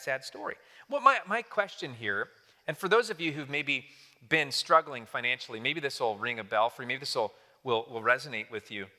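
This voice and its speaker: Forceful, bright-voiced male preacher. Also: a little high, in a large hall. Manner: animated, conversational, humorous storytelling. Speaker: pastor. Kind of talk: sermon. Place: church.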